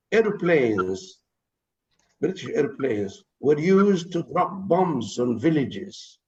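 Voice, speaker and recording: A man in his eighties from Palestine, answering interview questions slowly and deliberately, often pausing with hesitant fillers. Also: mid-range voice, gravelly, darkish tone. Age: 80s. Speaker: interview guest. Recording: dull lo-fi recording.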